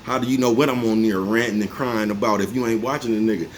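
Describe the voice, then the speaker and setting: A man's voice: fairly low pitch, fairly even intonation, fast talker. A man in his forties talking to his viewers in a casual, rambling monologue, laughing to himself and often asking whether they follow him. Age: 40s. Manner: laid-back, repeats "you know what I'm talking about", chuckles often. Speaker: vlogger. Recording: faint background noise.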